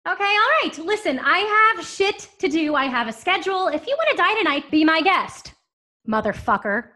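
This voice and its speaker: An actress playing a flustered young stewardess with chirpy, dismissive customer-service patter in a comedic audio drama. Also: female voice, very high voice, very animated, moderate pace, pushed and bright, full character voice. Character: flustered young female stewardess, breezy and rude.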